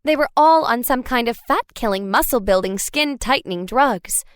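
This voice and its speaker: A woman's voice: on the high side, animated, moderate pace, clean tone, no room sound, clean studio sound. A woman narrating a first-person novel as an audiobook, reading expressively.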